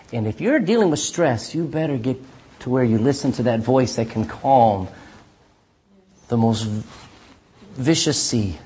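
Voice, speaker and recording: A pastor preaching a sermon, reading scripture aloud and calling for amens from the congregation, with dramatic swings between loud and hushed delivery. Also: male voice, on the high side, husky. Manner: asks the congregation for "Amen?" responses; reads scripture in King James wording.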